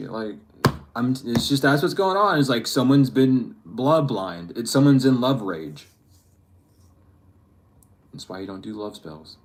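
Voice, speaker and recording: A man reads tarot cards in a loose, conversational way. His voice sits in an ordinary middle pitch. He talks in slangy asides and laughs often as he goes. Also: expressive, measured pace, long pauses. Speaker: tarot reader. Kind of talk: casual spiritual reading to camera.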